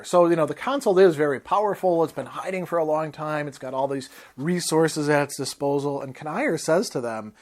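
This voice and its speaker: A man's voice: on the high side, a little mellow. Thoughtful male lecturer explaining a novel. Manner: thoughtful, explaining with pauses and fillers. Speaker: philosophy lecturer.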